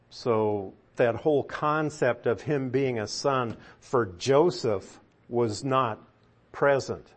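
A man with a slightly husky voice leads a Bible study class at a slow, deliberate pace. He sounds middle-aged and leans hard on key words, stopping to put questions to his listeners. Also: medium pitch. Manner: unhurried, emphatic, asks the class questions. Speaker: Bible teacher.

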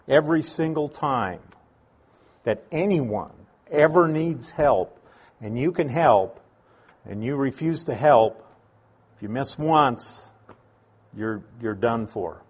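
Slow, husky-voiced male preacher. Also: mid-range voice, lively intonation. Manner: slow, deliberate teaching with emphatic stresses. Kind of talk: sermon.

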